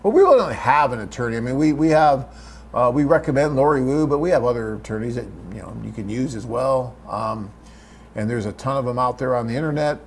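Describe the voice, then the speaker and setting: A man's voice: medium pitch, lively intonation, brisk, slight background noise. A man hosting a live webcast, reading out viewer questions and answering them in a chatty, off-the-cuff way.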